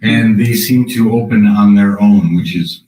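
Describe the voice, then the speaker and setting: Man, low voice, enthusiastic, explains the rooms, echoey, faint hiss. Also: steady tone, measured pace, dark tone. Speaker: paranormal investigator. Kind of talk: tour explanation. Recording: echoey room, faint noise.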